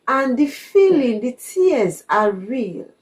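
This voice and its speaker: A woman's voice: fairly high pitch, very animated, takes it slowly, low-quality recording. A woman, giving a reflective personal monologue as a vlogger, earnest and confiding, repeating her points for emphasis.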